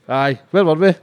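A man's voice: high-pitched, clear, resonant tone. A Scottish man with a Glasgow accent hosting a casual podcast, trading sweary banter and laughing a lot. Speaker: podcast host.

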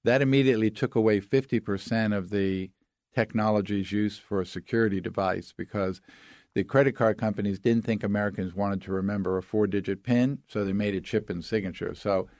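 A man's voice: lowish voice, steady tone, brisk, darkish tone, dry recording, clean studio sound. A man speaking as an expert guest, explaining things with step-by-step examples in an authoritative way. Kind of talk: explanatory interview talk.

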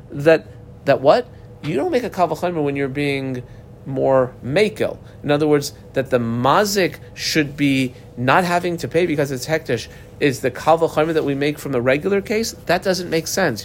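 A man teaching a Talmud class in a slightly raised voice. He reads the text aloud, then explains each line with a lot of rise and fall. A faint rumble sits under the recording.

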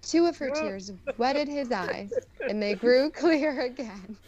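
Animated woman podcast co-host. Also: high-pitched, takes it slowly, dull audio, a crowd in the background. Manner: animated, laughing, teasing. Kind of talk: casual chat and storybook narration.

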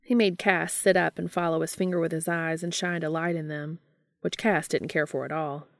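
A woman narrating a fan fiction audiobook in a calm, even storytelling manner. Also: low voice, normal speed, gravelly, no echo, studio quality.

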